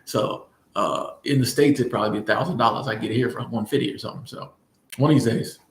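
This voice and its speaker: A man's voice: mid-range voice, quick pace. Playful man chatting in an echoey room. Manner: relaxed, playful, repeats phrases, laughs often. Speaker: livestream host answering chat. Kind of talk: casual live chat.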